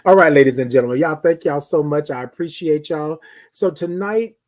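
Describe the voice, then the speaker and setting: A man's voice: a little high, normal speed. A man hosting a motivational talk, emphatic, using rhetorical questions and repetition. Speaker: host of a motivational show.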